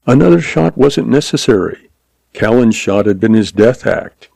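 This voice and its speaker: Gravelly low-voiced man narrating a western. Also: animated, warm tone, dry recording. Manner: dramatic, measured storytelling. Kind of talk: scripted narration of a western story.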